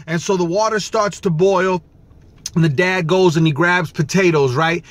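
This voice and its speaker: Man with a high voice, casual vlog storyteller, animated and chatty. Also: moderate pace, no room sound. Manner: casual, animated, repeats "right?".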